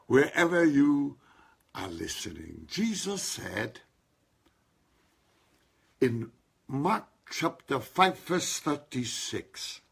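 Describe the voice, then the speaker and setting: A man's voice: medium pitch, big pitch swings, drawn-out words, vocal fry, long pauses, slightly rough. A man preaching a sermon, stressing single words and calling on his listeners to respond. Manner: emphatic, calls on listeners to respond.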